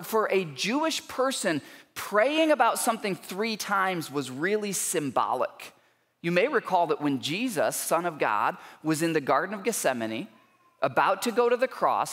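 A man preaching a sermon as a pastor, earnest and emphatic, building intensity with pauses for weight. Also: high-pitched, a bit bright. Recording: long church hall reverb.

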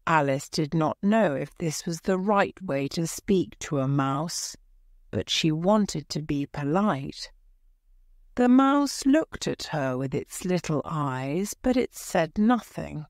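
A woman narrating a graded reader story for English learners, reading slowly, clearly and carefully. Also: deep voice, expressive, dry recording, clean studio sound.

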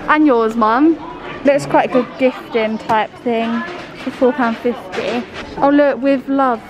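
A woman's voice: a little high, fairly even intonation, takes it slowly, a crowd in the background, low-quality recording. A young English woman chatting casually as she films a shopping vlog in a busy shop, filling her talk with "like". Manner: chatty, lots of "like" fillers. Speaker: vlogger.

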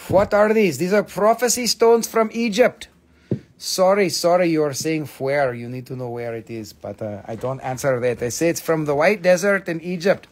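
Excitable, higher-pitched man selling crystals. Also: normal speed. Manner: excitable, swearing, playful, non-native phrasing. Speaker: live sale host. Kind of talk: live-stream crystal sale.

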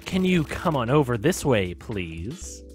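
A courteous, sinister male translator, voiced by a man reading a game aloud. The voice sits a little lower than normal and stays smooth and unhurried. Every polite phrase carries a quiet threat. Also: very animated, faint music behind.

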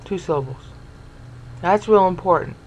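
A woman's voice: fairly low pitch, moderate pace, a little mellow, lo-fi sound. A woman teaching a Bible lesson over on-screen text, sounding out words syllable by syllable and checking in with the listener. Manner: explanatory, checks in with "okay?" and "all right?".

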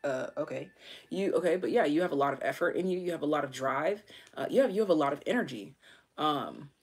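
A woman's voice: low-pitched, lively intonation, fast talker, breathy edge. A woman giving a casual live tarot reading, chatty, with many fillers and casual swearing. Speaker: tarot reader.

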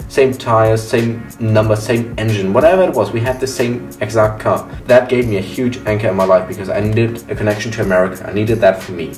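A young man speaks in a low, earnest voice in a casual personal vlog. He sounds reflective and often restarts his sentences. Faint laid-back guitar music plays behind him. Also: a little mellow. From Germany, raised partly in the US. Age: young adult. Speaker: vlogger.

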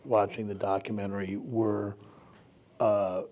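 A man's voice: on the low side, fairly even intonation, takes it slowly, mellow. A man in his sixties moderating an onstage Q&A, asking rambling questions full of restarts and fillers. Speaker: panel moderator. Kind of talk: onstage Q&A conversation. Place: theater stage before an audience.

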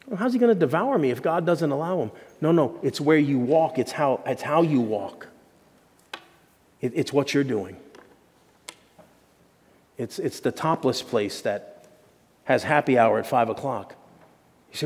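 A man preaching a sermon as pastor, animated and jokey, with sudden shouts and hushed asides. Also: fairly high pitch, a little slow, long pauses, big-room sound. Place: church sanctuary.

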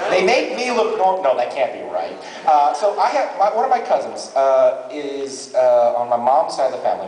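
A man doing live comic storytelling as a stand-up comedian in a large convention hall, with an animated delivery. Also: medium pitch, a little hiss or hum. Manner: animated, jumps into character voices. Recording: echoey hall from far off.

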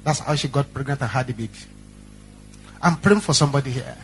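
A man's voice: medium pitch, fast, a little hiss or hum. A male pastor preaching a sermon and telling stories in a dramatic, repetitive, emphatic way. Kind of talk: sermon storytelling.

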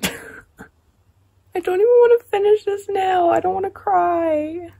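A woman chatting casually in a reading vlog, rambling and excitable, swearing freely and sometimes dropping to a hushed near-whisper. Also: extremely high pitch, takes it slowly, gravelly, dry recording. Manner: drops to a hushed near-whisper late at night. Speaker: book vlogger.

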